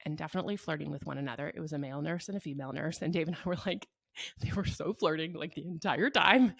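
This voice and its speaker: A young woman talks through a personal story in an easygoing, earnest voice that sits a little low. Her speech is loose and chatty and full of fillers. The sound is dry and close. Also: quick pace, gravelly, a bit bright, dry recording. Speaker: mother telling her birth story. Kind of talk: casual storytelling.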